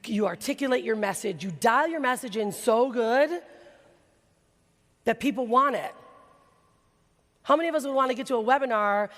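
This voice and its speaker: Female keynote speaker, excitable and chatty, gravelly voice, echoing conference hall. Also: mid-range voice. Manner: excitable, laughs often, rapid asides. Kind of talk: energetic stage talk. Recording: reverberant hall recording.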